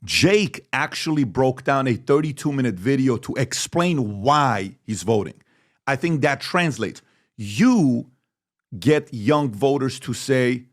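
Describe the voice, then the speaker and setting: A man interviews a guest in a lively way. He acts out what other people might say. His pitch sits in the middle range. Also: slow, dry recording, studio quality. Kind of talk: interview questions.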